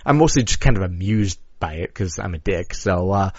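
A man hosts a casual podcast and tells a story with lots of cursing. His voice is a little husky and rises and falls a lot as he acts out what people said. The audio is dry and a bit dull. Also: deep voice, a little fast, no echo. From Chicago area. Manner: animated, crude storytelling with profanity and acted-out quotes. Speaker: podcast co-host.

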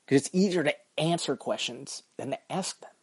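A man's voice: a little high, moderate pace, slightly rough, no room sound. A man hosting his own podcast, rambling through a profane, self-mocking solo rant. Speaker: podcast host.

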